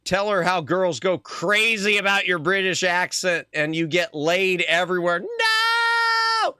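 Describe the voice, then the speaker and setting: Animated guy streaming a game, bright crisp voice, dry close mic. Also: high voice, normal speed, no echo. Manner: animated, playful, shouts reactions. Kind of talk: live game commentary.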